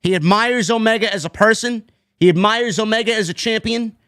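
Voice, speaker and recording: Host, male, higher voice, blunt and fed up, dry close mic. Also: brisk, a bit bright, dry recording. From New York. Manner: blunt, exasperated, swears freely. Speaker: podcast host. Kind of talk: casual wrestling review chat.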